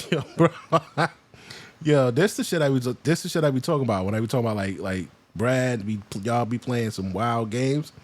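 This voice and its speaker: A man's voice: mid-range voice, moderate pace. A man hosting a reaction video, casually commenting and mockingly imitating the people in the clips. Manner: laid-back, mocking, mimics clip speakers.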